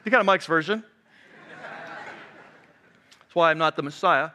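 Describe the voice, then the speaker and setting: A man preaching a sermon, animated, swinging from loud emphatic passages to soft, low, quiet ones. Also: normal speed, long pauses, slight background noise. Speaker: pastor.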